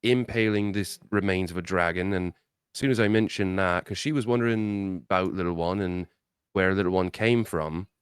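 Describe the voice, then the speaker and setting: A man's voice: low-pitched, moderate pace, clear, resonant tone, dry recording, studio quality. A man playing a tabletop role-playing game, talking in a laid-back, rambling way about the party's next steps. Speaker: tabletop player. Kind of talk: casual in-character table talk.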